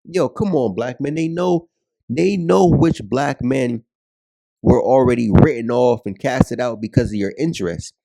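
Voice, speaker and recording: A man's voice: medium pitch, a little slow, gravelly, dark tone, dry recording. A man giving a blunt, profane video commentary, ranting and repeating himself to drive points home.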